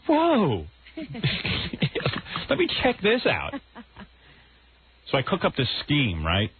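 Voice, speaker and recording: A man's voice: on the low side, slightly rough. A middle-aged man hosting a radio show, telling a raunchy story in a brash, boastful way and acting out the quotes. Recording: tinny phone-like radio audio with faint hiss.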